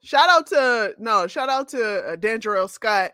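A woman co-hosting a podcast in casual chat, relaxed and laughing often. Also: on the high side, measured pace, clear, resonant tone, no echo, studio quality. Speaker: podcast co-host.

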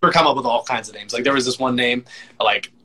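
A man's voice: mid-range voice, fast talker, bright, forceful tone, breathy edge. Laid-back young-sounding man chatting. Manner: laid-back, self-deprecating, many "like" fillers. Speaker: voice actor and musician guest. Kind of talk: casual interview chat.

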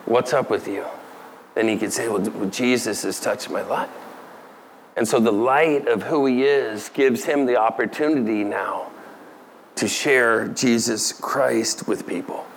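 A man's voice: medium pitch, a little slow, a little hiss or hum. A middle-aged man preaching a sermon, talking casually and asking the audience questions. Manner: conversational, asks the audience questions, laughs lightly. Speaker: pastor.

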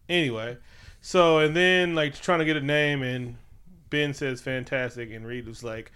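A man co-hosting a casual movie review chat, animated and profane, often slipping into quick impressions. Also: a little high, clear, resonant tone. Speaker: podcast co-host.

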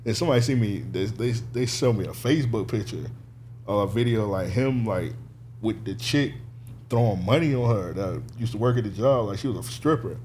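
Fairly quick and on the low side, this man co-hosts a podcast and keeps the chat casual. He tells lively stories, laughs a lot, and performs the lines he quotes, with slight background noise behind him.

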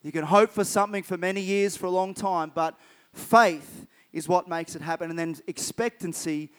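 A man delivers a sermon in a strikingly high, clear and smooth voice. He retells scripture stories with lively emphasis and repeats key phrases to drive his message home. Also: normal speed. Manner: retells Bible stories vividly, acting out characters' lines. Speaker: preacher.

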